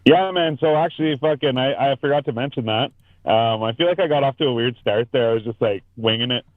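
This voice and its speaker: A man's voice: mid-range voice, a little fast. A man rambling through a long, profane story as he hosts a casual podcast chat. His voice comes through a thin, phone-like video call line. The sound is dry, with no room echo. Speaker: podcast host.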